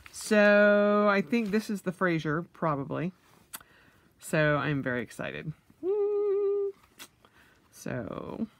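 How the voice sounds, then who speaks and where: A woman's voice: fairly low pitch, gravelly. A woman vlogger, middle-aged, unboxing purchases in a casual vlog, gushing with oohs and yays.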